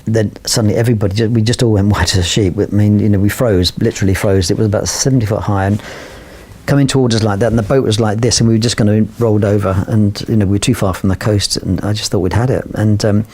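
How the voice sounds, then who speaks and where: A man's voice: fairly low pitch, steady tone, fast, darkish tone. An older man from London, a photographer telling a long anecdote with rambling fillers and restarts. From London, England. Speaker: photographer guest. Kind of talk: anecdotal storytelling.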